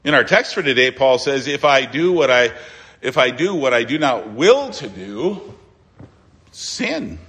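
A man preaching a sermon as pastor, emphatic, with dramatic pauses and sudden quiet asides. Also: medium pitch, lively intonation, long reverb tail.

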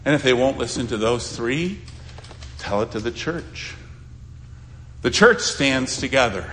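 A man's voice: medium pitch, expressive, measured pace, pauses often, slight background noise. Impassioned male preacher. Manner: pleading, swings from loud to hushed. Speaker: pastor. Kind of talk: sermon.

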